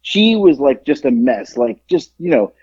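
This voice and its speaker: A man's voice: mid-range voice, very animated, unhurried, a little mellow, husky, no echo. A man co-hosting a podcast, telling a long story in a rambling, profane way with many restarts. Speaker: podcast co-host. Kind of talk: casual storytelling chat. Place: home studio in Georgia. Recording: dull lo-fi dry sound.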